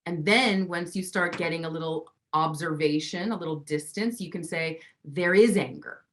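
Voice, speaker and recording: A woman's voice: low-pitched, normal speed, fairly bright tone, slight background noise. A woman coach being interviewed, talking emphatically and acting out the voices in people's heads. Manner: emphatic, acts out inner voices. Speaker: relationship coach guest. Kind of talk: teaching interview talk.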